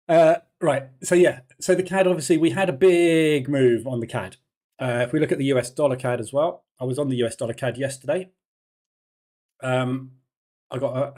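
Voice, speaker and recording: A man's voice: mid-range voice, darkish tone. A man hosting a live trading stream, talking through market moves in a chatty, rambling way with lots of fillers and restarts, over a faulty mic.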